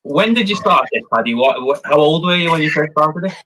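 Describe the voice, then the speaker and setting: A man's voice: fairly high pitch, animated, fairly quick, bright, forceful tone, poor audio. An Irish man with an Irish accent, chatting easily on a podcast. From Ireland. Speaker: podcast guest. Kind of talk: casual chat.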